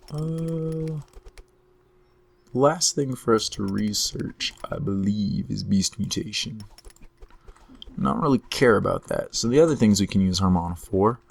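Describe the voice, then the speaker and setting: A man commentating his own strategy game play in a relaxed way, talking through each move while he is losing his voice. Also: on the low side, gravelly. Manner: unhurried, talks through each move to himself. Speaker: gameplay commentator.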